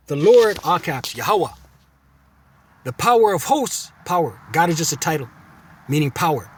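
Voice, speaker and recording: A religious camp teacher with a voice on the high side teaches scripture in sermon style, emphatic and repetitive. He often slips a "right?" between phrases, and there's slight background noise.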